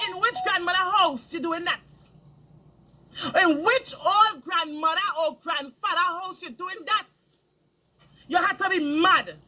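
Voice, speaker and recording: A middle-aged woman speaks in a strikingly high voice. She delivers an impassioned moral lecture as a spiritual speaker. She scolds emphatically, hammering her points home by repeating phrases. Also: fairly bright tone.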